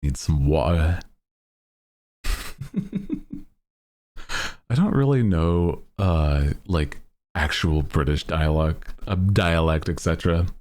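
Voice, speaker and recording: A man's voice: rumbling low, slow, long pauses, darkish tone. A male streamer in casual chat. He rambles with lots of "like" fillers, his phrases lilt upward at the ends, and he laughs at himself often. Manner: rambling, heavy use of "like" fillers; self-mocking, laughs at himself.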